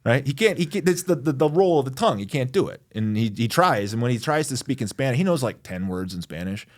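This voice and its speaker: A man's voice: mid-range voice, big pitch swings, quick pace. A man in his forties from Michigan, a lawyer chatting as an interview guest in a loose, self-deprecating way with plenty of fillers. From Michigan, USA. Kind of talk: casual interview chat.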